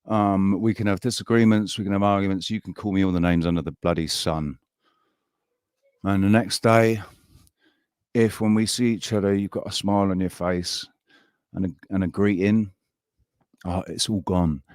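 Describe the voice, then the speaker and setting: A man hosting a live stream, ranting in a heated, halting way and swearing often. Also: low voice, fairly even intonation, a little mellow, clean tone, dry recording, studio quality. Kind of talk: casual live-stream chat.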